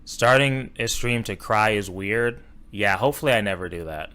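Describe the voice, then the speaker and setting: Blunt, mocking streamer guy, bright voice. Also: lowish voice, normal speed, smooth. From Los Angeles, USA. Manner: blunt, mocking, swears freely. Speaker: streamer reacting to videos. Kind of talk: casual reaction commentary.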